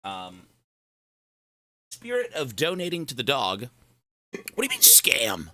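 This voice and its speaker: A man with a hoarse, worn-out voice chatting casually with viewers on a gaming live stream, loose and swearing. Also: mid-range voice, wildly swooping pitch, bright, forceful tone, no room sound. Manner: slow, loose, swearing banter. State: hoarse, sore throat. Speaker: gaming livestreamer.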